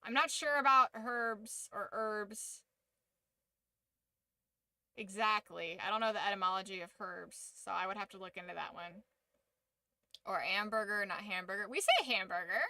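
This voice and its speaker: A woman's voice: medium pitch, expressive, brisk, creaky, bright, forceful tone, no room sound. A woman hosting a casual livestream, giving an opinionated, profanity-laced rant. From United States. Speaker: streamer and channel host.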